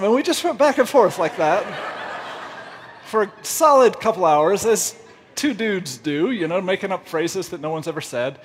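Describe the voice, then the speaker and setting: A man's voice: sits high, expressive, normal speed, long reverb tail, slight background noise. A man preaching a humorous, self-deprecating storytelling sermon, laughing often as he goes. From United States. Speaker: pastor.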